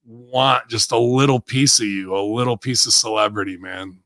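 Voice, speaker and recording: A man, a wrestler guest on a podcast, telling brash profane stories with loud bursts and laughs. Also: on the low side, moderate pace, no echo. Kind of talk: profane casual interview chat.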